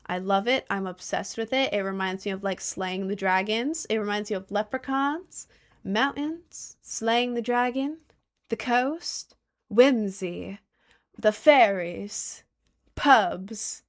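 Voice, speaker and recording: A woman hosting a casual livestream and answering chat, gushing and playful, with squealing leaps in pitch. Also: takes it slowly. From United States. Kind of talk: casual live-stream chat.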